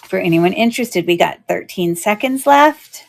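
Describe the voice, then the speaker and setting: A young adult woman hosting a live online jewelry auction, talking in a chatty, rambling way with lots of fillers and quick self-corrections. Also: medium pitch, expressive, vocal fry, dry recording. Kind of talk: casual live-selling chat.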